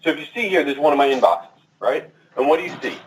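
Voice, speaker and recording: A fast-talking man presents to a conference audience, his slightly high voice energetic and direct. He sounds a bit distant from the microphone, and the room's echo hangs around his words. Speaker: conference speaker. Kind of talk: marketing presentation. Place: conference room. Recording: echoey and distant from the mic.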